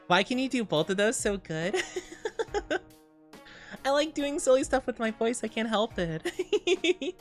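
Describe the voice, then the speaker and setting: Her voice sits high and sounds animated, but she talks at a slow pace and pauses often, with faint music behind. She's a woman in her twenties chatting casually on stream, rambling, giggling frequently and fooling around with silly voices.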